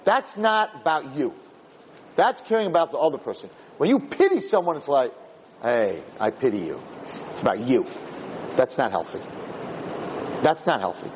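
Animated rabbi giving a rambling class. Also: male voice, fairly high pitch, normal speed, long pauses, a little hiss or hum, poor audio. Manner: rambling, animated, searches aloud for words. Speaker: rabbi teaching a Torah class. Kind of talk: informal Torah lecture.

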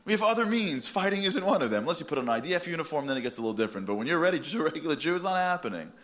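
A man giving a humorous sermon, animated and telling stories. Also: on the high side, rapid-fire. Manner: animated, comic, storytelling. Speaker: speaker.

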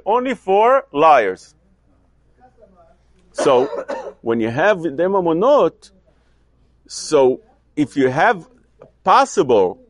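Animated man giving a Talmudic lecture. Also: a little high, dry recording. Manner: animated, questioning, mixes Hebrew and Yiddish terms. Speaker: Torah teacher.

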